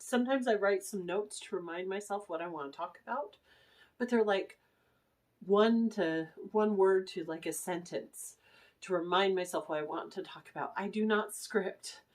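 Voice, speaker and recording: A middle-aged woman vlogging in a casual, rambling way, anxious and emotional, full of fillers and restarts. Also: medium pitch. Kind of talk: casual rambling vlog chat.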